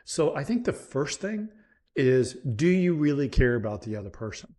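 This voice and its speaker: A Scottish-born man who speaks talks as a guest on a remote call. He tells stories in an earnest, steady way, as a leadership coach sharing what he has learned. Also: mid-range voice, moderate pace. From Scotland. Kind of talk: conversational interview. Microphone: remote call mic.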